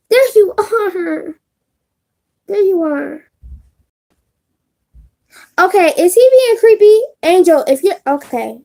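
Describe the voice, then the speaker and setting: A woman's voice: high-pitched, vocal fry, a little mellow. A woman doing a casual live stream on her phone, talking bluntly and with profanity straight to her chat. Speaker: live streamer giving readings.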